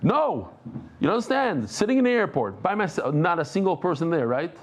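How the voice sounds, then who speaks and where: A middle-aged man giving a daily Talmud lesson to a live group, talking in quick bursts, breaking off mid-thought and bantering with listeners. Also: high-pitched. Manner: lively, jumps between thoughts, self-interrupting. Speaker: Talmud teacher.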